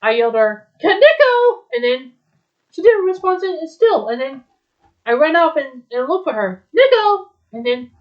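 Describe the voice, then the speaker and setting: A woman retelling a story aloud in a rambling, halting way, with many restarts. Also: high voice, lively intonation. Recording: dull lo-fi recording.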